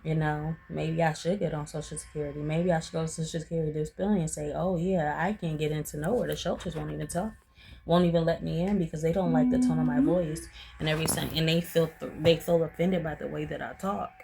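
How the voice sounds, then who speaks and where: A woman's voice: sits low, steady tone, quick pace, creaky, warm tone, slight background noise. A woman vlogger, venting in a frustrated, rambling way and repeating herself. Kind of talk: venting to camera.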